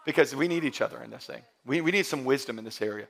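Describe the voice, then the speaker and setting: A man in his thirties preaching a sermon as pastor, emphatic and building to loud peaks, mixing in humorous stories. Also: mid-range voice, quick pace, gravelly. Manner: emphatic, rising to near-shouting peaks; storytelling with humor and quoted voices.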